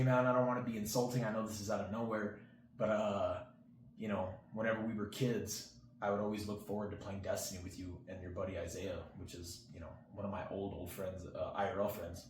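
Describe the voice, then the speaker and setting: A young man with a fairly low voice rambles through a personal story, full of fillers and little restarts. He acts out his friend's words as he goes. The room is roomy and echoey, with a faint hiss underneath. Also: fairly even intonation, brisk, darkish tone. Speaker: channel host. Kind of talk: casual storytelling to camera.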